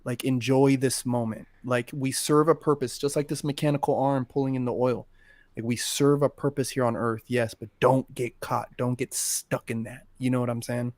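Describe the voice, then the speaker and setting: A man's voice: medium pitch, level tone, moderate pace, darkish tone, dry recording. A man co-hosting a podcast, telling a personal story in casual, emotional talk with plenty of swearing. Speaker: podcast co-host. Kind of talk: casual chat.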